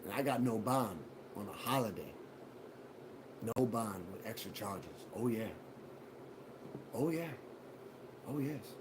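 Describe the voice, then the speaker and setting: A man hosting a live show, telling a personal story in a profane, animated way and acting out what others said. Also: on the low side, slow pace, long pauses, background noise. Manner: profane, animated retelling with acted quotes. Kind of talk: casual storytelling.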